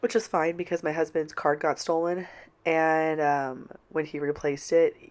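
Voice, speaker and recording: A woman's voice: low-pitched, level tone, measured pace. A middle-aged woman with a stuffed-up nose from a cold, chatting casually and apologetically in a home voiceover. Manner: apologetic, rambling. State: congested, stuffy-nosed from a cold. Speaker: planner vlogger. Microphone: home voiceover mic.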